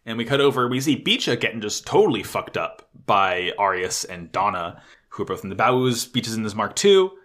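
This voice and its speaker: A man co-hosting a casual podcast, excitedly recapping an anime episode, swearing freely and stammering when unsure. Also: fairly low pitch, fairly quick. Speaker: podcast co-host.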